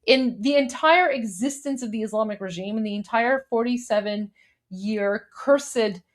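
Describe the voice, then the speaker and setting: A woman's voice: fairly high pitch, moderate pace. Woman livestream host, casual political commentary, chatty with emphatic bursts. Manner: chatty, repeats words and restarts while coaching pronunciation; emphatic, insistent when arguing.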